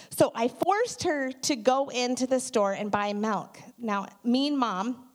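A middle-aged woman giving a conversational sermon, telling animated stories with many asides. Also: on the high side, unhurried. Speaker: church speaker.

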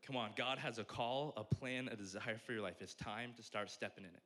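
Speaking a little fast in a mid-range voice, a young man preaches as a pastor in a relaxed, conversational style. He's animated and pokes fun at himself, with slight background noise behind him.

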